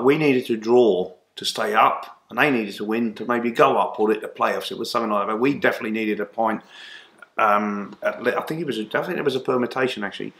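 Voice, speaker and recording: A man, a guest in an interview, telling long animated anecdotes full of restarts and fillers. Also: mid-range voice. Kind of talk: casual storytelling interview. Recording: roomy echo.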